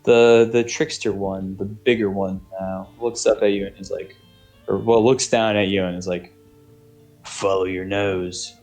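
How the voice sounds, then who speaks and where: Low-voiced man running a tabletop game. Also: fairly even intonation, moderate pace, darkish tone, faint music behind. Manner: rambling, hesitant, many fillers. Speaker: game master. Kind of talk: narrating a tabletop game over voice chat.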